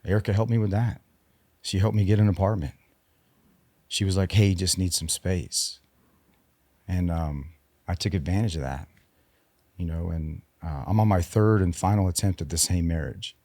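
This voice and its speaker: A man in his forties, a podcast guest and military veteran, telling his personal story in a halting, subdued way, with frequent restarts. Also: low voice, warm tone, dry recording.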